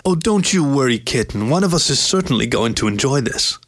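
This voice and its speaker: A man's voice: mid-range voice, expressive, a little fast, a bit bright, pitched above the performer's own voice. A man voicing a teasing, dominant lioness. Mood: commanding, teasing. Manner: commanding, purring, coaxing. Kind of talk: storybook reading.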